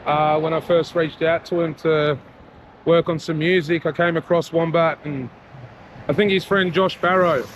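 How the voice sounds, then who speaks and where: A casual walk-and-talk vlog from an Australian man who raps and vlogs: his voice sits on the high side, his pace is moderate, and his manner is loose, sincere and packed with "you know." The noisy recording was made outdoors on a town street and in a mall.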